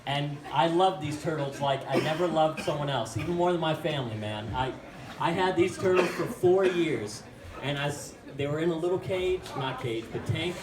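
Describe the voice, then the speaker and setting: A man's voice: a little high, moderate pace, heavy background noise. A young man doing stand-up, telling a story in a rambling, self-mocking way full of fillers. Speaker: stand-up comic. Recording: echoey room from far off with crowd.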